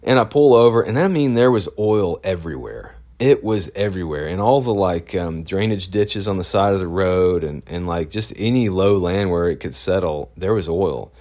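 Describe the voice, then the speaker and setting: A man with a very low voice tells a story as a photojournalist, casual and meandering. He stops and restarts often and leans on fillers. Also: normal speed, few pauses, dark tone. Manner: rambling, with many fillers and restarts.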